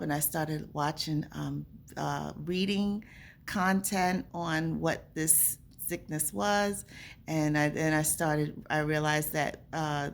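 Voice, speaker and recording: A woman speaks to her camera in an earnest, conversational way, recounting something from her own life. Her voice sits low and has a gravelly edge. A faint hum of noise runs underneath. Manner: earnest, conversational, acts out remembered dialogue. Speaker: vlogger. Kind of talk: casual personal storytelling to camera.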